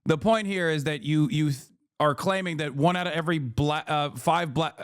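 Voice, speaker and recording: A man's voice: fairly high pitch, normal speed, clean tone, no echo, studio quality. A man in his thirties commenting on a debate clip in casual, emphatic, argumentative talk with some swearing. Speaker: streamer reacting to a debate clip.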